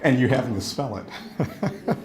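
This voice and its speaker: A man's voice: medium pitch, big pitch swings, slow pace. A British man reading out spelling bee words and definitions, joking about his own accent. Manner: joking, self-deprecating, apologetic. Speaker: spelling bee word reader. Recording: noisy crowd in background.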